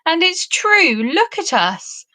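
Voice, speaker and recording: A woman voicing a fretful young male pixie in a storybook reading, high and plaintive. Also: very animated, slow, pushed and bright, heavily acted. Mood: rueful.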